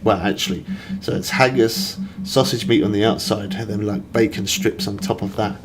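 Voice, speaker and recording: Low-voiced male game streamer, chatty. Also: moderate pace. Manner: rambling, chatty, reads viewer messages aloud. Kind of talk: casual live-stream chat. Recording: steady background noise.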